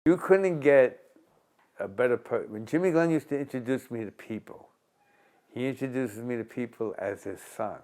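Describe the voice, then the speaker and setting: A man's voice: mid-range voice, moderate pace. A man, a former boxer animatedly telling stories in an interview, often restarting phrases. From Long Island, New York. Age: 60s. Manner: animated, acts out quotes in a raised voice, repeats and restarts. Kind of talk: conversational storytelling.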